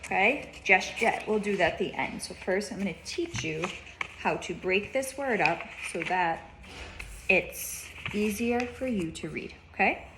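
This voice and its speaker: A woman's voice: medium pitch, measured pace, noisy background. A woman teaching a child reading in a one-on-one lesson, patient, repeating her questions and checking in with "okay?".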